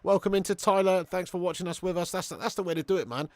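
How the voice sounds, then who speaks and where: A man hosting a live football watch-along stream, chatting with viewers, swearing and getting excitable. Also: high voice, fast, no room sound.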